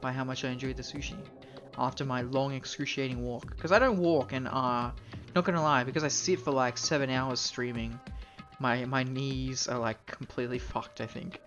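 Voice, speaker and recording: A male streamer chats loosely at his desk mic, rambling between jokes and freely dropping swear words. His voice sits at a middling pitch, and the recording is a little dull and lo-fi, with faint music playing behind him. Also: steady tone, moderate pace, a bit bright. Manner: rambling, joking, swears freely, mock-formal bits. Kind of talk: casual live-stream chat.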